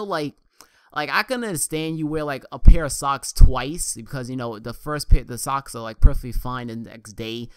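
A man's voice: medium pitch, fairly bright tone, smooth, no room sound, studio quality. A young man around twenty with a New York accent, chatting casually and rambling loosely over live gameplay on his gaming channel.

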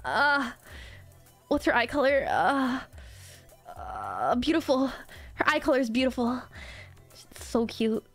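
A woman's voice: sits high, very animated, takes it slowly, vocal fry, long pauses, a bit bright, soft background music. A woman streaming as a VTuber, chatting casually and gushing through a story with lots of giggles.

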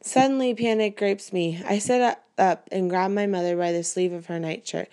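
A woman reading a first-person novel aloud in an even, measured storytelling way. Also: mid-range voice. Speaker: reader.

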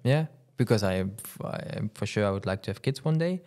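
A man's voice: on the low side, animated, brisk, darkish tone. A racing driver chatting casually on a podcast, often stumbling over his words and laughing. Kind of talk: casual chat.

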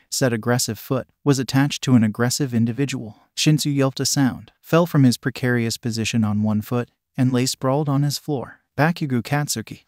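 A man reading a fanfic story aloud in an even, plain way. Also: medium pitch, no echo, clean studio sound. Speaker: narrator.

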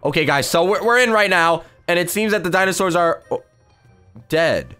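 A young man hosting a gaming video, giving excited play-by-play and shrieking in mock panic. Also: high voice, normal speed, clean tone, soft background music. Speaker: YouTube gaming host. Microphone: desk mic with face cam.

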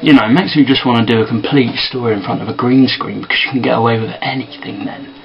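A man talking quietly and softly to camera in a casual sit-down vlog. He sounds tired. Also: mid-range voice, fairly even intonation, fast talker, creaky, lo-fi sound, crowd noise. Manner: quiet and soft-spoken. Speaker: vlogger and amateur filmmaker.

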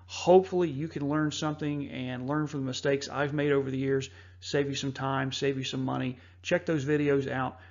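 A man hosting a preparedness talk, narrating over slides in an earnest, measured way with frequent fillers. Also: medium pitch, steady tone, a little mellow, dull audio. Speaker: host.

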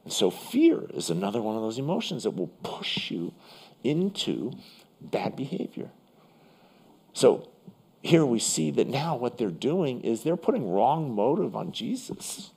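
A male pastor delivering a sermon with a gravelly, slightly husky voice. His pitch swings widely as he tells the story with vivid, conversational flair, as in a church service. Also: big pitch swings, measured pace, a little mellow.

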